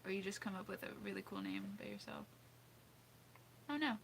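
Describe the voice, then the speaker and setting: Giggly, lively woman streamer. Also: medium pitch, brisk, slight background noise. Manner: giggly, thinks aloud, second-guesses pronunciations. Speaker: livestream host. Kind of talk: casual livestream chat reading suggestions.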